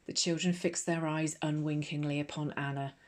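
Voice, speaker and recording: A woman with an English accent reading a novel aloud as a gentle, measured ASMR audiobook narration. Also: deep voice, fairly even intonation.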